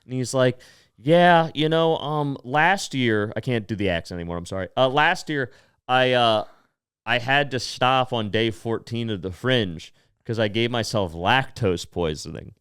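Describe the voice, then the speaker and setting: Smooth-voiced man telling a lively story. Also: mid-range voice, moderate pace, no room sound, studio quality. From United States. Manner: animated storyteller, quoting others in lively put-on voices. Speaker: podcast co-host, comedian. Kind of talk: casual storytelling chat.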